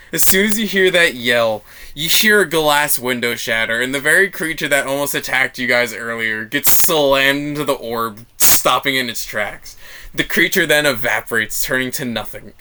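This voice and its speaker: A man narrating a tabletop role-playing game as game master, animated and laughing at times. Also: mid-range voice, moderate pace, a little hiss or hum.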